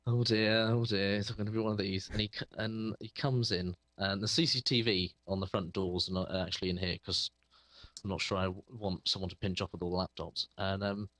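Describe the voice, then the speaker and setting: A man's voice: deep voice, fairly even intonation, fairly quick, a bit bright, dry recording. A man who runs a computer repair shop, telling a story in casual chat with lots of fillers and restarts. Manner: rambling, hesitant storytelling with many fillers. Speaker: computer repair shop owner, podcast co-host.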